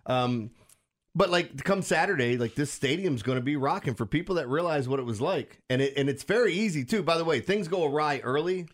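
A man's voice: on the high side, animated, a little fast. A man with a Baltimore accent hosting a sports radio show, talking casually and animatedly with frequent restarts and laughs.

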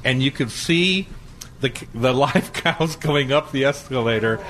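An older man hosting a food radio show, chatting in a relaxed, rambling way and chuckling often. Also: mid-range voice, unhurried, rough recording. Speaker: radio show host and chef. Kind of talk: casual radio chat.

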